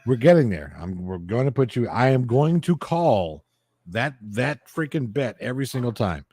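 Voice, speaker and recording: A man's voice: mid-range voice, very animated, moderate pace, darkish tone, breathy edge. A man co-hosting a casual livestream, making emphatic, profane arguments. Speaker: livestream co-host. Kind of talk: casual chat.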